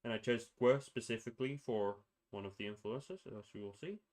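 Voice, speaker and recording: A man's voice: fairly low pitch, a little fast, a little mellow. Rambling young man explaining language rules. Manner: rambling, self-correcting, mutters to himself. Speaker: streamer presenting a constructed language. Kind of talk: casual livestream explanation.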